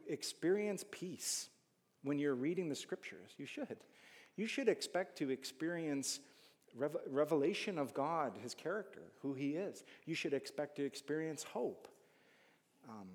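A man preaching a sermon in a lively, animated manner, jumping from loud emphatic rises to hushed asides. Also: fairly high pitch. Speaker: pastor. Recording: long hall reverb.

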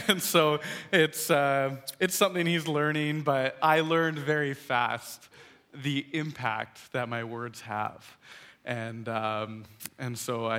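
Bright, animated man telling a story. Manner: animated, acts out quotes in a higher voice, laughs while telling. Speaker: speaker telling a story to an audience. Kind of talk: storytelling talk to a live audience.

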